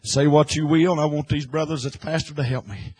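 A man preaching an impassioned sermon, swinging from hushed, quiet lines to loud, shouted ones. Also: a little high, steady tone, a little fast, low-quality recording.

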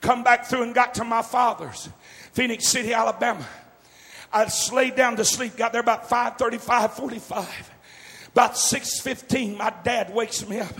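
A man preaching a revival sermon, shouting and drawing out his words with fervor. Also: extremely high pitch, steady tone, creaky, big-room sound. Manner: shouting, drawn-out fervent preaching.

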